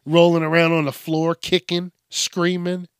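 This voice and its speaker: A man hosting a podcast, ranting casually with lots of swearing and bursts of shouted acted-out bits. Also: on the high side, little pitch movement, measured pace, clean tone, dry recording, clean studio sound. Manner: profane, rambling, acts out bits in shouted voices. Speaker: podcast host. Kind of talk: casual comedic rant.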